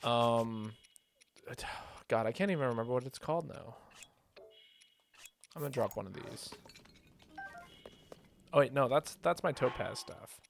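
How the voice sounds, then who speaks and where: A man's voice: mid-range voice, unhurried, creaky, long pauses, slight background noise. A young man streaming a video game, giving rambling, chatty commentary full of fillers. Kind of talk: casual gaming commentary. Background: faint game music.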